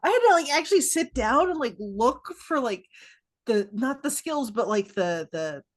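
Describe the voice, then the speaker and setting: A woman in her forties talks as an interview guest, chatty and quick to laugh at herself. Her voice sits a little high for a woman. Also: big pitch swings. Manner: chatty and self-deprecating, laughing often. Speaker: guest game designer. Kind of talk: casual interview chat.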